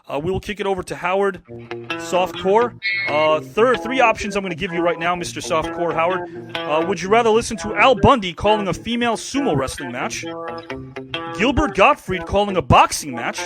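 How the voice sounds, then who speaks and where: A man's voice: sits high, expressive, music in the background. A man hosting a casual online show, teasing his guests and reading out viewer comments. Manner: teasing, quick, reads viewer comments aloud. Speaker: podcast host. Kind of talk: casual chat, quiz-style banter.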